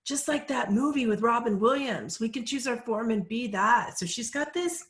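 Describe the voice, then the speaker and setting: A woman psychic medium in a casual live question-and-answer session, relaying messages in a calm, measured, gentle way. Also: fairly high pitch, roomy sound.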